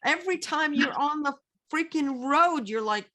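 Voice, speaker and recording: A woman's voice: sits high, normal speed. A woman co-hosting a casual chat, telling stories with lots of energy and restarts. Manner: animated storyteller, lots of restarts. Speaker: co-host.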